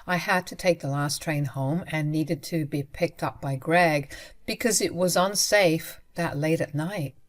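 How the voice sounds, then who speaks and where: A woman's voice: low-pitched, measured pace. A young adult woman narrating a first-person story in a conversational way, speaking directly to her listeners.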